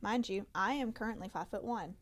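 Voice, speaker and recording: A woman's voice: mid-range voice, a little fast. A young woman guest, sister of the host, telling stories in easygoing casual chat. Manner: laughing storyteller, easygoing.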